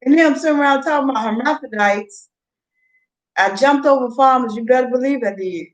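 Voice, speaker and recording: A woman's voice: high-pitched, a little fast, low-quality recording. A woman chatting loosely to viewers in a casual livestream, rambling from topic to topic and laughing often. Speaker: vlogger.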